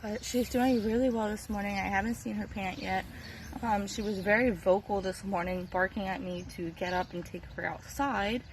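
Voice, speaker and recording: A woman's voice: mid-range voice, fairly even intonation, moderate pace, slight background noise, poor audio. A young woman talking casually to camera about her sick dog, worried and rambling with many fillers and restarts. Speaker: pet owner vlogging her dog's recovery. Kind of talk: casual video diary. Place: at home, indoors then yard.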